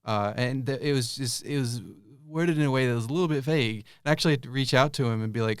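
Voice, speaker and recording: A man's voice: mid-range voice, quick pace, hardly any pauses, clean tone, no echo, clean studio sound. A young man answering interview questions casually, rambling with many fillers and restarts. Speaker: YouTube creator guest.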